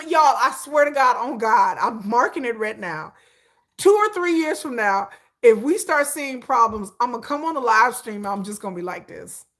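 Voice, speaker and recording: A woman hosting a livestream, chatting casually and animatedly with her viewers, often repeating herself for emphasis. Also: high-pitched. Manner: animated, repetitive, talks straight to viewers. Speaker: livestream host.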